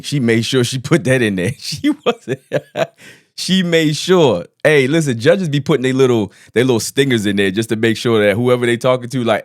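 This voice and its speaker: A man hosting an online news show, reacting loudly and expressively in casual slang. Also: mid-range voice, moderate pace, no room sound, clean studio sound. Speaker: host.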